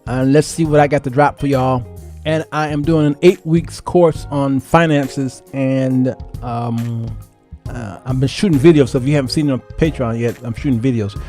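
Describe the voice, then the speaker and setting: A man hosting his show, telling a comic story animated and laughing, calling listeners y'all. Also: mid-range voice. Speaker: show host.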